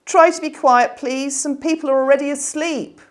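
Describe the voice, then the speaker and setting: A woman voicing a stern landlady who calls out sharp and clear. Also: high voice, fairly even intonation, normal speed, voice pushed up, lightly acted. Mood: scolding. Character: stern middle-aged landlady.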